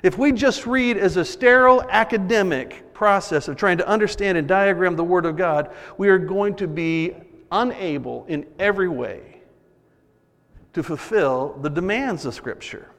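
Male pastor with a high voice, preaching earnestly and emphatically, heard with long hall reverb. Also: normal speed, a bit bright. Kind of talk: sermon.

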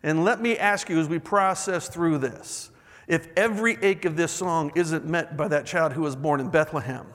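A man's voice: a little high, moderate pace, a bit bright, big-room sound. A man preaching a sermon in a church, reading song lyrics aloud and building emphasis as he goes. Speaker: pastor.

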